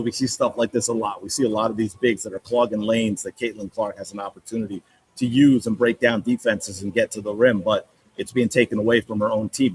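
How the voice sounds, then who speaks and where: A man hosting a sports podcast, breaking down game film with animated, exasperated commentary and repeating points for emphasis. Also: on the low side, husky, low-quality recording.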